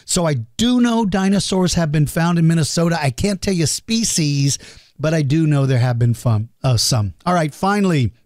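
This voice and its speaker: Podcast host, male, fairly high voice, dry close-mic sound, chatty and earnest, self-deprecating. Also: expressive, moderate pace, darkish tone, no room sound. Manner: earnest and chatty, explains with simple comparisons; self-deprecating and apologetic over hard names. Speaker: podcast host answering listener questions. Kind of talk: casual podcast Q&A.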